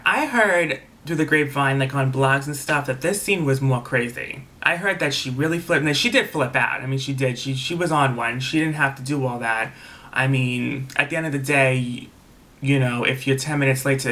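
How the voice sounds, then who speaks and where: A man with a sharp-toned, mid-range voice casually recaps a reality TV episode as a reviewer. He's chatty and gossipy, swearing freely and saying "like" constantly.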